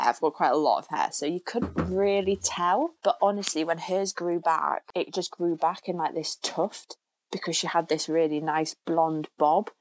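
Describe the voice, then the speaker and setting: A woman's voice: deep voice, no echo. A young woman telling a story in casual chat, rambling and chatty, with many "like" fillers.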